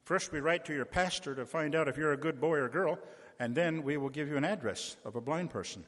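In a church sanctuary with long reverb, a visiting pastor makes a folksy fundraising appeal to the congregation, mixing little stories with direct requests. His voice is fairly high and fairly bright, and he speaks fairly quickly.

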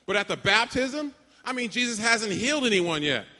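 A man preaching a sermon to graduates, emphatic, with dramatic pauses and call-and-response. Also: high-pitched, sing-song, pushed and bright. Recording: long hall reverb.

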